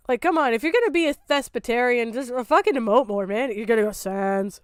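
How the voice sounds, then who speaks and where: High-voiced, foul-mouthed woman streamer. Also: brisk, hardly any pauses, smooth, no room sound, clean studio sound. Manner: blunt, profane and exasperated, often shouting in disbelief. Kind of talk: casual reaction commentary.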